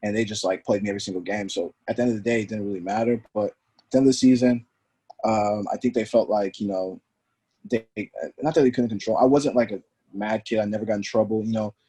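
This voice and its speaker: A man's voice: on the low side, fast, husky. A man, a former pro soccer player, telling stories as a podcast guest and acting out the voices he quotes. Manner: animated, acts out quoted voices. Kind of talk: storytelling in conversation.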